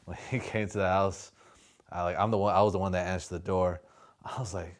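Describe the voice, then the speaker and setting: A man's voice: low-pitched, steady tone, a little fast. A man, a family member, tells a funny story in a sheepish, joking way during a documentary interview.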